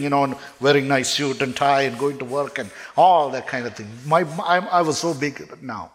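A man's voice: medium pitch, normal speed, hardly any pauses, fairly bright tone. A man preaching a sermon as a personal testimony, telling his story earnestly and emotionally, often stumbling and restarting his words.

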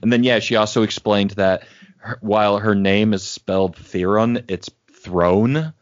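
A man's voice: lowish voice, fairly even intonation, normal speed, no echo. A man co-hosting a podcast, telling rambling stories with many fillers in casual chat. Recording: dry, dull lo-fi sound.

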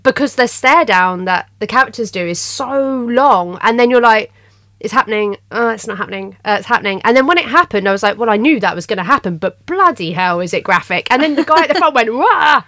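A woman's voice: fairly high pitch, fairly quick, hardly any pauses, no room sound. A woman, a film journalist guest on a podcast, talking casually in a radio studio and acting out quotes. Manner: lively, acts out quotes, laughs. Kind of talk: casual film review chat. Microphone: studio microphone.

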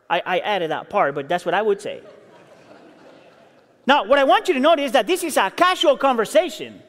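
A man preaching a sermon, acting out quoted lines and building intensity before dropping low and quiet. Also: normal speed, pauses often. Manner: expressive, acts out quotes, builds intensity then drops low. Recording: reverberant hall.

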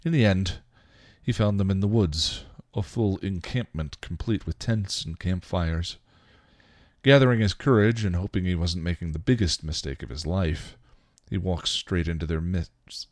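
Deep male reader, dry, for steady story narration. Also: normal speed, no echo. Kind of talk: reading fan fiction aloud.

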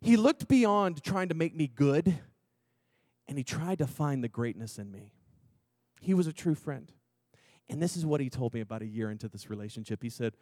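A man preaching a testimony sermon, moving from hushed, slow moments to loud, excited storytelling. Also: fairly high pitch, no room sound, studio quality. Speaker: pastor.

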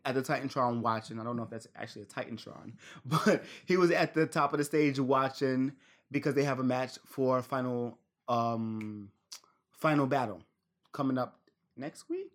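A man's voice: mid-range voice, normal speed. A man co-hosting a casual podcast, rambling through a wrestling recap, laughing often and trailing off mid-sentence. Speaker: podcast co-host.

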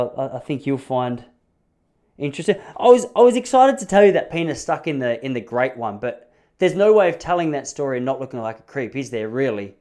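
A man's voice: mid-range voice, very animated, fairly quick, mellow. A man in his thirties with an Australian accent, telling rambling, self-mocking comic stories in a casual chat. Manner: rambling, self-mocking, often restarts phrases.

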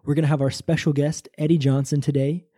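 A man's voice: on the high side, level tone, quick pace, heavy background noise. A man preaching a short, impassioned sermon on a podcast. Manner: impassioned preaching, rising on cries.

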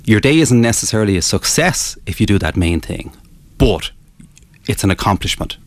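Deep-voiced man explaining steadily. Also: expressive, no echo. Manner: measured, explanatory, with frequent restarts. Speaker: author and business owner guest. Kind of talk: radio interview.

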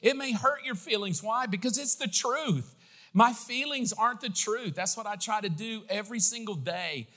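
A middle-aged man preaching a sermon as pastor, impassioned, moving from quiet asides to bold emphatic peaks. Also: high voice, normal speed.

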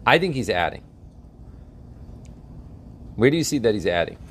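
A man's voice: fairly low pitch, big pitch swings, moderate pace, a little hiss or hum. A man teaching a religious text class, often asking his students questions and checking that they follow.

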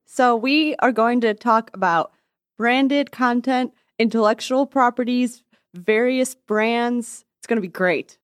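A woman's voice: a little high, slow pace, no room sound, studio quality. A woman co-hosting a casual podcast chat remotely, speaking in a wry, laid-back way. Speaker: podcast co-host. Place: home, remote.

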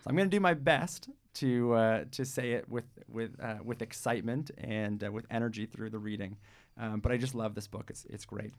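Gravelly, hesitant male radio co-host. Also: mid-range voice, normal speed. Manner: hesitant, many fillers and restarts. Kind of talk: casual chat and reading aloud.

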